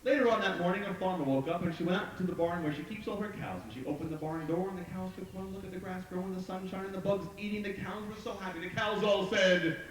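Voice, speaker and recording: A man's voice: high-pitched, fast, hardly any pauses. A man telling a story to a live audience, leading them in call-and-response chants. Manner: lively, leads the crowd in chants and sound cues. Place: outdoor park stage. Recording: echoey live outdoor recording from far off, crowd and noise.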